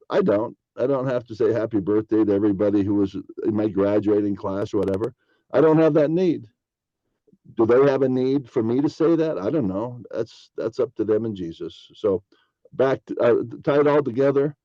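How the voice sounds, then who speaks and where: Man, podcast host, casual spiritual monologue, rambling, acts out dialogues, warm tone, dry muffled recording. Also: mid-range voice, no echo.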